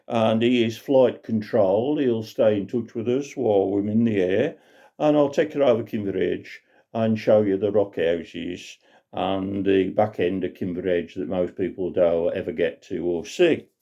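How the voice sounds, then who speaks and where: A man's voice: fairly low pitch, fairly even intonation, measured pace, vocal fry, warm tone. A man voicing an old, pompous RAF wing commander, officious and drawn out. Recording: dull lo-fi recording.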